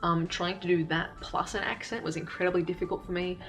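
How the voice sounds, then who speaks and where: Young woman vlogger, candid and self-deprecating, lower flat voice. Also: a little fast, faint music behind. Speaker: YouTube creator. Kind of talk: casual reflective vlog talk.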